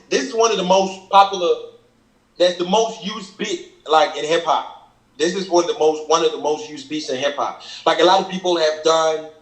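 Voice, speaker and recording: Male rapper from Cameroon, relaxed, repeats himself; bit high-pitched, roomy echo. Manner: laid-back, repeats and restarts phrases. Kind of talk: casual reaction interview. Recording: echoey room with faint music.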